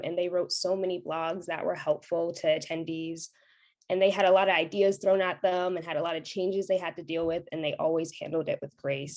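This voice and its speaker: A woman with a slightly low voice praises her volunteers with strong emphasis. She speaks from a video call. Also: darkish tone. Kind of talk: closing remarks on a video call.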